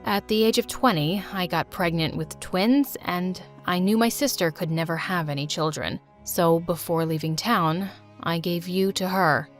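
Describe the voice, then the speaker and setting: A woman voicing a regretful long-lost mother in an animated story, speaking earnestly. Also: on the low side, normal speed, soft background music, lightly acted.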